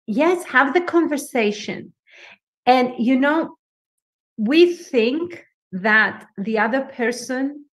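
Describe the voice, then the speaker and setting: A woman with a foreign accent, a bit high-pitched, talks slowly as a podcast guest. Her delivery is animated and emphatic. She repeats phrases for stress and laughs often. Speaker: guest coach. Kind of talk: podcast interview.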